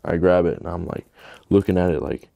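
A man's voice: low voice, steady tone, fairly quick, vocal fry, warm tone, no room sound. A young man telling his personal testimony in a casual, rambling way, earnest and emotional, filling his speech with "like". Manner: rambling, fills with "like".

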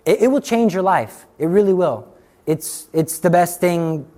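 A middle-aged man giving a sermon, telling a story with lively acted-out dialogue. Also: high-pitched, a little slow. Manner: animated storytelling, acts out dialogue. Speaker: Catholic speaker.

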